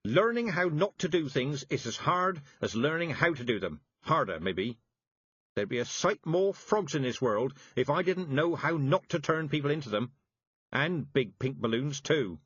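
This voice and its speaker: A man voicing a stern, sharp-tongued old woman witch who scolds bluntly and briskly. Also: fairly high pitch, lively intonation, slightly rough, no room sound, dull audio, pitched above the performer's own voice.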